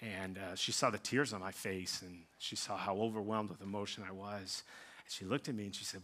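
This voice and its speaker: A man's voice: fairly low pitch, normal speed, sharp tone. A pastor in his thirties preaching a sermon, telling stories in a casual, self-deprecating way with plenty of ums and likes. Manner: conversational storytelling with self-deprecating humor; casual fillers like um and like.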